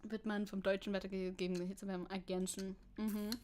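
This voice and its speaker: A woman's voice: medium pitch, flat delivery, a little fast, a little mellow. A woman streamer giving casual sarcastic commentary as she reads posts aloud, laughing often and rambling with restarts.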